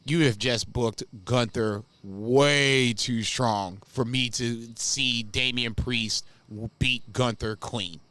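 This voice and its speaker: A man's voice: medium pitch, takes it slowly, few pauses. A man co-hosting a casual wrestling podcast, emphatic and profane. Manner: animated, emphatic, profane, laughs often. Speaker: podcast co-host.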